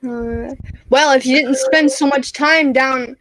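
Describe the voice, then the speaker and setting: A woman's voice: sits high, steady tone, slow pace, fairly bright tone, a little hiss or hum, heavily acted, low-quality recording. A woman doing a cocky teasing pilot. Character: cocky male starship pilot teasing a droid.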